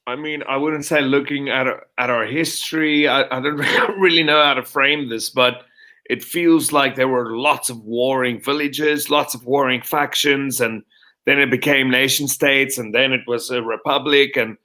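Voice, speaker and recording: A man's voice: mid-range voice, steady tone, normal speed, bright, forceful tone. A man co-hosting a casual podcast, rambling and hesitant as he searches for words. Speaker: podcast co-host. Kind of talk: casual chat.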